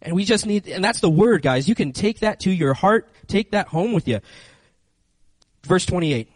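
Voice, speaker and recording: A man preaching a lively, conversational sermon into a handheld microphone, speaking directly to his listeners. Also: high-pitched, moderate pace, no room sound, poor audio. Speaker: youth preacher. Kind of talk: lively sermon with acted-out scenes.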